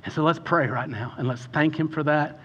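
A man preaching a sermon as pastor, building to passionate shouts and easing into a quiet prayer. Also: a little high, a little fast, breathy edge, lo-fi sound. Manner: impassioned, builds to shouting then softens into prayer.

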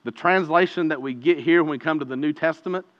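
Earnest bright-voiced preacher in reverberant hall. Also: male voice, on the high side, quick pace. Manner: earnest, swings from hushed to loud and emphatic. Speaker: pastor. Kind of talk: conversational sermon. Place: church sanctuary. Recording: reverberant hall, dull lo-fi sound.

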